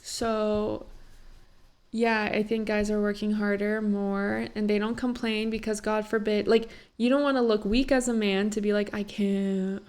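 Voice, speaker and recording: A woman's voice: mid-range voice, flat delivery, a little slow, a little mellow, smooth. A young woman talking casually in a reaction vlog, rambling with many fillers and teary after having cried. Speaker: vlogger reacting to a talk show.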